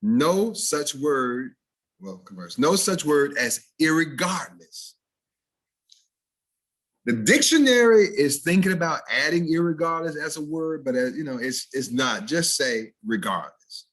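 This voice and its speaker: A man's voice: on the high side, measured pace. A man teaching standard American diction over a video call, playfully acting out the spoken errors he corrects. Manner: animated, mock-playful examples of spoken errors. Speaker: diction instructor.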